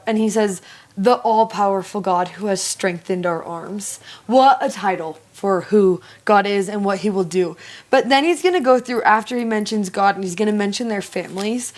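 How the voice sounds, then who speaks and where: A young woman co-hosting a casual scripture discussion, telling stories in a lively way with many fillers. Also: medium pitch. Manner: animated storyteller, frequent "like" fillers. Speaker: co-host of scripture study show.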